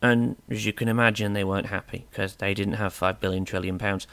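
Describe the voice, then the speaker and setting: A man's voice: on the low side, fairly even intonation, fairly quick, fairly bright tone. A British man hosting a retro gaming channel, telling a rambling, jokey story with self-deprecating asides.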